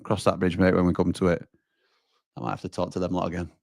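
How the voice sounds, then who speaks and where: A man's voice: deep voice, monotone, quick pace, gravelly, dry recording, studio quality. A man hosting a live football watch-along, reacting to the match and reading viewer comments while calling them pal and mate. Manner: chatty, reacts loudly to chances, addresses viewers as pal and mate.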